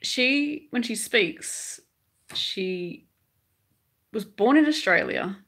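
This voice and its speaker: A woman's voice: fairly high pitch, expressive, drawn-out words, a bit bright, husky. Chatty English woman hosting a livestream. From England. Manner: chatty, storytelling with mimicked quotes. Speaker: crochet livestream host. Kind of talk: casual chat reading live comments.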